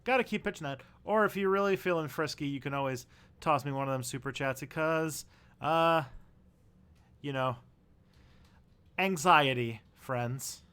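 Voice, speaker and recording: A man's voice: fairly high pitch, normal speed, a bit bright, clean tone. A man hosting a casual live stream, chatting in a rambling, easygoing way to his viewers. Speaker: livestream host.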